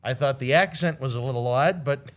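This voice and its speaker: A man's voice: mid-range voice, normal speed, fairly bright tone. A man co-hosting a casual wrestling podcast, giving blunt, opinionated takes and swearing casually. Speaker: wrestling show co-host.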